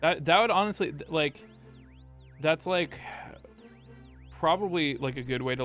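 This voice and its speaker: A man's voice: on the high side, lively intonation, unhurried, pauses often, fairly bright tone, faint music behind. A man in his thirties chatting casually on a game stream, rambling with lots of fillers and crude jokes. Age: 30s. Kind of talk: casual gaming stream chat.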